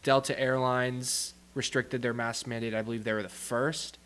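A man's voice: medium pitch, flat delivery, normal speed, fairly bright tone, smooth. A young man co-hosting a casual podcast, talking in a rambling, opinionated and offhand way. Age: young adult. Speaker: podcast co-host. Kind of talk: casual chat.

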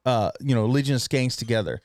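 A man co-hosting a casual podcast, talking in a halting, rambling way full of fillers. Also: medium pitch, darkish tone, no room sound, clean studio sound. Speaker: podcast co-host. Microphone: studio mic.

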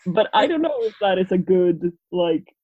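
A woman's voice: fairly low pitch, big pitch swings, normal speed. A European woman speaking English as a second language, chatting casually as a podcast co-host, rambling with frequent restarts. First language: not English. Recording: slightly dull lo-fi audio.

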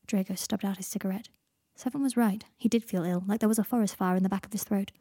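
A woman reads her own story aloud in a calm, even way. Her voice is dark and mellow with a husky edge, and the recording is close and dry with no room around it. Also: mid-range voice, quick pace, few pauses, dry recording. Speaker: author and reader. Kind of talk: storybook narration.

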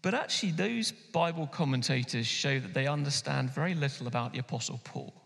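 A man preaching a sermon as pastor, animated and emphatic, slowing down and pausing for effect. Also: medium pitch, gravelly. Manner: animated, emphatic preaching with sudden pauses and slowdowns. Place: church hall. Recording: long hall reverb.

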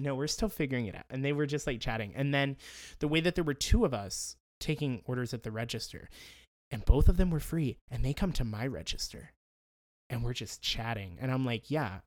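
A young man co-hosts a casual podcast, telling stories with an animated, swooping voice that he keeps lifted in his head register. He laughs often. The sound is dry and close. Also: mid-range voice, no echo. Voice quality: speaks in a raised head voice. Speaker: podcast co-host. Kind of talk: casual chat.

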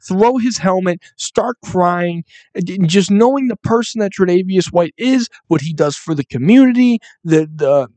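A man's voice: high-pitched, expressive, moderate pace, a little mellow, no echo. A young man, hosting a sports podcast and ranting angrily with lots of swearing. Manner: profane, angry ranting. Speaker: podcast host.

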